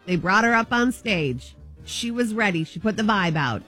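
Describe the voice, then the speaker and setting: A woman co-hosts a morning radio show in a mid-range voice. She chats with enthusiasm and gushes as she tells her stories. Soft music plays under her. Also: medium pitch, expressive, normal speed, slightly rough. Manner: enthusiastic, gushing storyteller.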